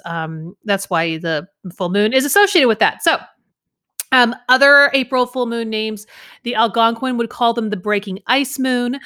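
A woman co-hosting a podcast, telling stories in lively casual chat and laughing often. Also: mid-range voice. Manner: animated storyteller, laughs often. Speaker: podcast co-host.

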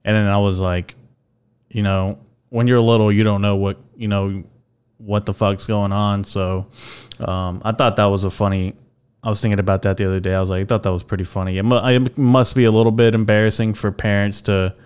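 A man's voice: on the low side, little pitch movement, brisk, darkish tone, clear, resonant tone. A young man hosting his own podcast alone, rambling and joking casually, with lots of fillers and some swearing. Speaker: podcast host. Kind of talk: casual solo podcast chat.

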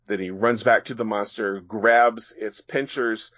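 A man's voice: fairly low pitch, steady tone, a little slow, a bit bright, no echo. A man, a graphic novelist guest on a podcast, casually walking listeners through his comic page by page. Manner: casual, descriptive, with fillers. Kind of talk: reading and describing his comic. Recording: dull, dry sound.

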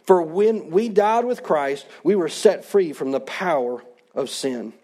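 A man's voice: fairly high pitch, lively intonation, unhurried, dark tone. A man in his thirties, a pastor, preaching a sermon in an earnest, conversational way.

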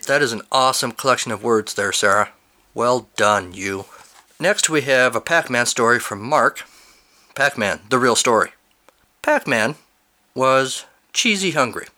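Bright-voiced man reading silly stories. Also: medium pitch. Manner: animated, amused asides between read lines. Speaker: host reading listener stories. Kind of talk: reading fill-in-the-blank stories aloud with commentary.

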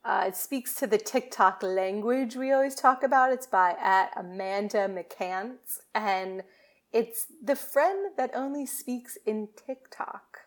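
A woman co-hosting a podcast in casual chat, chatty and quick to laugh. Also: a little high. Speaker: podcast co-host.

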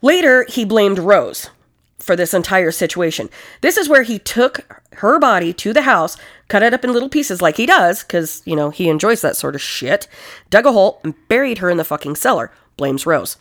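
Brief woman podcast co-host, lively swinging pitch, profane animated storyteller. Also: moderate pace. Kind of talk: casual true-crime chat.

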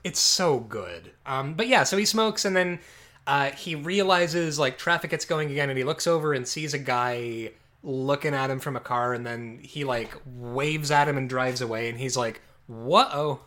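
A man casually reviewing a film with a friend, animated and sarcastic, swearing often. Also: mid-range voice, normal speed. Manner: animated, sarcastic, swears, puts on mobster voices. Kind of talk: casual movie review chat.

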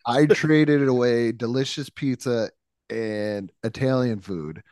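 A man's voice: mid-range voice, slow, a little mellow, smooth, no room sound, studio quality. A man from New York co-hosting a podcast, rambling through stories, acting out quotes and laughing often. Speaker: podcast co-host. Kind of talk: casual chat.

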